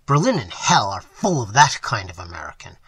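Man voicing angry young artist, loud threatening storybook voice, sweeping pitch, slightly husky. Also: animated, moderate pace, no room sound. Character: angry young male artist, fierce and scornful.

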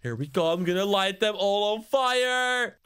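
A man narrating gameplay in an excited, teasing, cartoonish way as the video's host. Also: high voice, unhurried, slight background noise.

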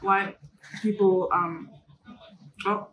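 A married woman with a Hong Kong English accent talks casually while eating on a podcast. She hesitates often, trails off, and giggles between thoughts. Her pitch sits in a middle range. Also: steady tone, extremely slow, fairly bright tone, reverberant, slight background noise, rough recording. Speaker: podcast co-host. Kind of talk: casual mukbang chat.

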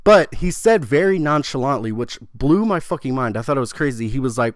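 An excitable young man talking straight to his viewers, rambling, cutting himself off and swearing freely. His voice sits at an ordinary middle pitch. The recording is dry with no room sound. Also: fairly quick, few pauses, no echo. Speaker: gaming channel host. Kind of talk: casual video commentary on a game storyline.

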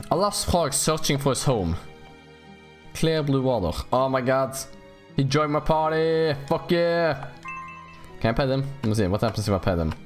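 A young man giving casual, jokey let's play commentary on a horror game, rambling and squealing up high when excited. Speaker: gaming YouTuber. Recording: faint game music behind.

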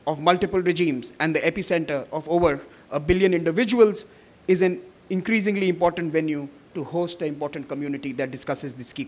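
A middle-aged man giving formal welcome remarks at a conference, measured, with many fillers when he speaks off the cuff. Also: a little high. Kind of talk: formal welcome speech, partly read, partly ad-libbed.

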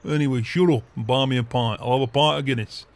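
A man voicing a gruff, beer-loving older farmer in game roleplay banter, swearing often and chuckling. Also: medium pitch, steady tone, quick pace, natural voice. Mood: jovial.

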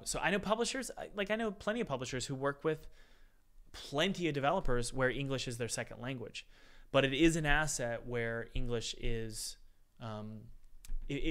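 A man's voice: mid-range voice, a bit bright, clean tone. A man hosting a live-stream Q&A, chatty and upbeat, calling his viewers guys. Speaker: game dev course host answering live chat.

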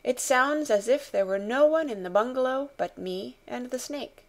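A woman's voice: a little high, moderate pace, pitched above the performer's own voice, close to an everyday voice. A cross, self-centred little girl voiced by a woman narrator speaks in an audiobook. She is stiff and imperious and fires off indignant questions. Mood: puzzled. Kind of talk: audiobook character reading.

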